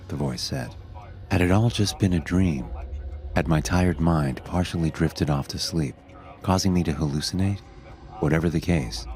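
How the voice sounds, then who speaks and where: Very deep-voiced male horror narrator. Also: a little hiss or hum. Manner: steady, measured storytelling.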